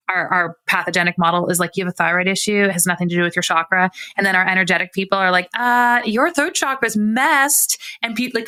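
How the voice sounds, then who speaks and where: A woman's voice: fairly low pitch, pushed and bright. A woman clinician hosting a podcast interview, asking long, chatty questions full of fillers.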